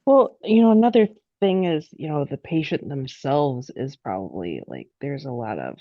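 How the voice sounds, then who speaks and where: Deep-voiced woman, lively pitch, lo-fi. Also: no echo. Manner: halting, searching for words. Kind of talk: casual group discussion. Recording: dull lo-fi sound.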